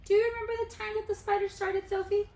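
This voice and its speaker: A woman's voice: very high-pitched, echoey room. A woman teacher reading a picture book aloud to her class, stopping to quiz the children. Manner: animated storyteller who pauses to quiz children.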